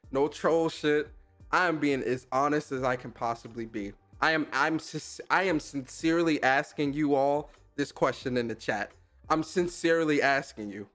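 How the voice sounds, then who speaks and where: A young man hosting a podcast, reacting to clips in casual, slangy commentary and laughing often. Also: fairly high pitch. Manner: animated, slangy, laughs a lot.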